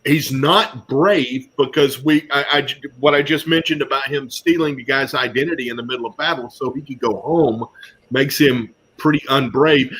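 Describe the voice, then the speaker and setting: A man's voice: medium pitch, normal speed, fairly bright tone, husky. A man moderating a casual panel discussion, musing aloud with frequent ums.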